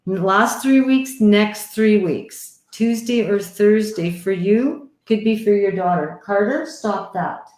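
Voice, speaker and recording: A woman chats warmly into her live stream from home, calling her viewers honey and sweetheart. Her voice sits at an ordinary mid pitch. The room around her sounds noticeably echoey. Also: slow pace, hardly any pauses. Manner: chatty and affectionate, calls people honey and sweetheart. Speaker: livestream host giving psychic readings. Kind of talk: casual live-stream chat. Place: home, indoors. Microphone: headset or computer mic on a live stream.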